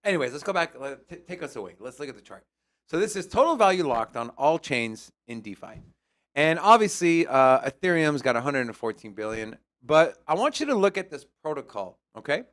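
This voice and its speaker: Guy hosting a crypto stream, kinda high voice, bounces all over, jokey and loose. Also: brisk. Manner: joking, animated, teasing banter. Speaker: crypto show host. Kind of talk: casual chat and chart analysis.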